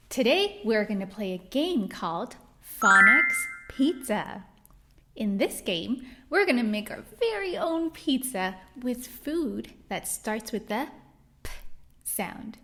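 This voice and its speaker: Female children's reading teacher, higher voice, slow and carefully sounded-out delivery. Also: very animated, a bit bright. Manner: slow, cheerful, exaggerated praise for kids. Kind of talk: children's phonics lesson.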